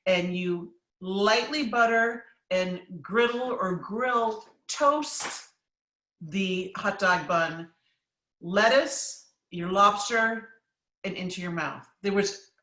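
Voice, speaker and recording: A New England chef and cookbook author, bright and forceful, answers questions in a casual live cooking class Q&A. She talks through recipes chattily and emphatically with plenty of ums, at medium pitch and a slow pace. Sitting a little back from the mic, her voice picks up a roomy echo.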